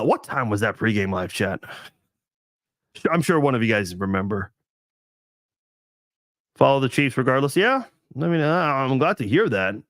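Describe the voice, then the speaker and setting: A man's voice: medium pitch, a bit bright, dry recording. A man hosting a casual live stream chat, thinking aloud with lots of restarts and fillers.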